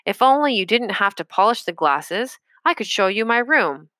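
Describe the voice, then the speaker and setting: A woman's voice: medium pitch, sing-song, normal speed, pushed and bright, no room sound, pitched above the performer's own voice. A woman reading aloud, voicing an eager, earnest young boy. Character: young boy, curious and well-meaning.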